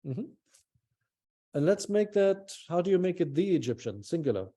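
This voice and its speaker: A man's voice: high-pitched, big pitch swings, moderate pace, mellow. A man teaching a small language class over a video call, patient and encouraging, thinking aloud with fillers.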